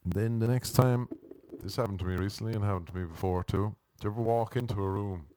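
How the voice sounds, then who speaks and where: A man's voice: on the low side, quick pace, warm tone, a little hiss or hum. A man doing a rambling, self-deprecating comic monologue, dropping wry asides and slipping into mock voices.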